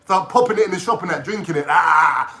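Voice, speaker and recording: A man ranting casually on a livestream, swearing and talking in an excitable way. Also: on the high side, brisk. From London.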